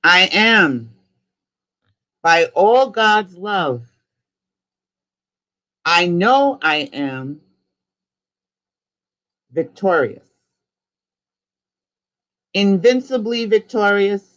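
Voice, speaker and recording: A spiritual coach from New York, speaking with a New York accent, leads listeners through slow, rhythmic chanted decrees for them to repeat. His voice is high-pitched, very animated, pushed and bright.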